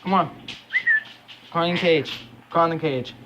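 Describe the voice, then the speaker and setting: A man's voice: on the high side, a little slow, background noise. A man coaxing and teasing his pet bird at bedtime in a casual home video. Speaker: pet owner.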